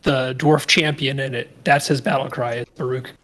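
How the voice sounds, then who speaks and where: A man's voice: mid-range voice, fairly even intonation, normal speed, fairly bright tone. A man in casual voice chat who chuckles and explains game lore to friends. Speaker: gamer co-host. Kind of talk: casual voice-chat banter while gaming.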